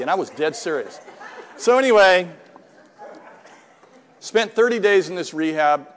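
A man's voice: high voice, expressive, a little slow, long pauses, a faint crowd, slight background noise. A middle-aged man telling a rambling, self-deprecating recovery story to a live group, with many restarts and quoted dialogue. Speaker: speaker sharing a recovery story. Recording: long hall reverb.

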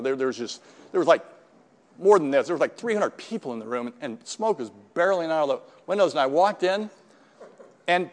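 A middle-aged man telling a rambling, self-deprecating recovery story to a live group, with many restarts and quoted dialogue. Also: fairly high pitch. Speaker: speaker sharing a recovery story. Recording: long hall reverb.

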